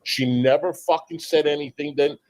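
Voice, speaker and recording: A man with a slightly raised voice recounts a grievance on a streamed panel. He sounds aggrieved and animated, acting out the back-and-forth lines of the people he quarrelled with. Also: fairly high pitch, moderate pace, poor audio. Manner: aggrieved, animated, acts out quoted dialogue. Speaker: panel guest. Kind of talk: heated storytelling on a stream panel.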